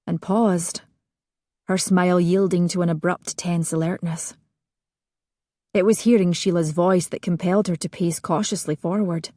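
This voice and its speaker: A woman reading a historical romance audiobook in a measured, expressive narration. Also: lowish voice, dry recording, studio quality.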